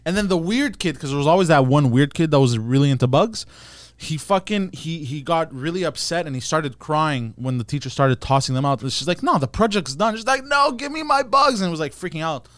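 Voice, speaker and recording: A man's voice: a little high, brisk, no echo. A man on a comedy podcast telling loose, profane anecdotes about his school days. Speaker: podcast co-host. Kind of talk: casual comedy chat.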